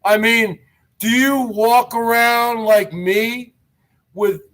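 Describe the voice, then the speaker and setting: A man's voice: very high voice, fairly even intonation, slow pace, a bit bright, full character voice. A man putting on the voice of a brash, boastful aging skater who taunts and keeps saying "man". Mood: taunting. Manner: taunting, challenging, repeats "man".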